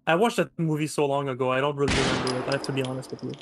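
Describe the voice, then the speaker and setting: A man's voice: medium pitch, steady tone, rapid-fire, background noise. A French-Canadian man from Quebec with a Quebec French accent, calling in to a chat show, hesitant and apologetic. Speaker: caller. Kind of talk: casual call-in chat.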